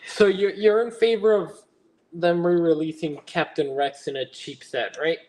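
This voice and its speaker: Chatty young man, slightly high voice. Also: steady tone, normal speed, a little mellow. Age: young adult. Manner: chatty and rambling, reading chat aloud and answering it. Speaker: livestream host. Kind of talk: casual livestream chat while building.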